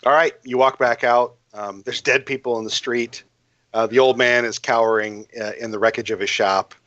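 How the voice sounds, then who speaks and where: A man running a tabletop game, narrating in a bright, forceful voice and stumbling over fillers and restarts. The sound is dry and close, and the recording is dull and lo-fi. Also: medium pitch, fairly even intonation, dry recording. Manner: halting, full of fillers and restarts. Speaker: game master.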